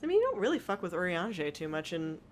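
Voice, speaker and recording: A woman's voice: fairly low pitch, very animated, fast, a crowd in the background. A woman co-hosting a casual podcast, blunt and wry, swearing freely. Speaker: podcast co-host.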